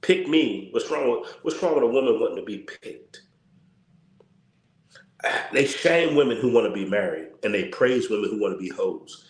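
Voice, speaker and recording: A man's voice: on the low side, expressive, moderate pace, echoey room. A tired man hosting a casual livestream, talking in a blunt, repetitive, slangy rant. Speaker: channel host.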